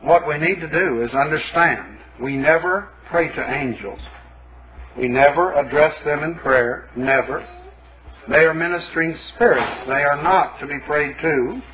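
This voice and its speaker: A man preaching a sermon, telling stories in a folksy, emphatic, wry way. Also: a little high. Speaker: pastor. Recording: tinny phone-like old tape.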